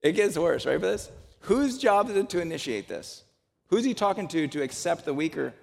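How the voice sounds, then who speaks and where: A man's voice: high-pitched, expressive, fairly quick, gravelly. A man preaching a sermon as pastor to a congregation. He jokes in a conversational way, then presses his point with emphatic exhortation. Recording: long hall reverb.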